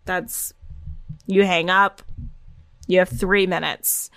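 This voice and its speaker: A woman co-hosting a casual podcast, with a dry, deadpan humor. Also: on the low side, slow, smooth, no echo. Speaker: podcast co-host.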